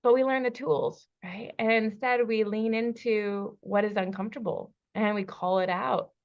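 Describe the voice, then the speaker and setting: Animated woman telling a relationship story. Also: medium pitch, normal speed, dull audio. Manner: animated storyteller acting out dialogue with laughs. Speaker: relationship coach. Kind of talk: storytelling in a podcast interview. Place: lives in Bali.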